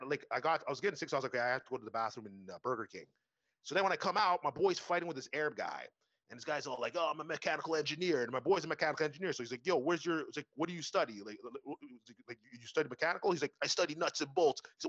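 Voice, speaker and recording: A man's voice: a little high, sharp tone, no room sound, muffled recording. A young man telling stories in casual chat, rambling and profane, full of fillers and restarts.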